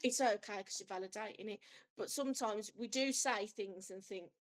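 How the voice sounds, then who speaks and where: Chatty mum, rambling warmly. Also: female voice, mid-range voice, normal speed, low-quality recording. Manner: chatty, self-deprecating, rambling. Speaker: suicide prevention trainer. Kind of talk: online workshop talk.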